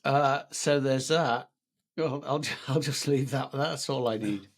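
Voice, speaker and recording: A man co-hosting a casual pub-style podcast chat, dropping dry, deadpan jokes. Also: mid-range voice, unhurried. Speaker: podcast co-host.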